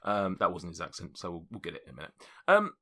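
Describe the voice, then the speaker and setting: A man narrating as game master, chatty and quick to laugh. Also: sits low, huge pitch swings, bright, forceful tone. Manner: chatty, laughing often, casual swearing.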